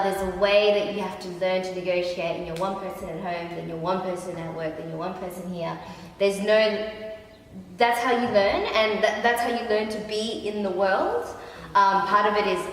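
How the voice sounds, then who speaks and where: A woman makes her point in a careful, measured way, pausing on "um" now and then. The sound comes from a distance in a long-reverb hall with heavy echo and faint noise. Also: mid-range voice. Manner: thoughtful, measured, with hesitations. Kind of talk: group discussion. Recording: echoey hall, mic far off.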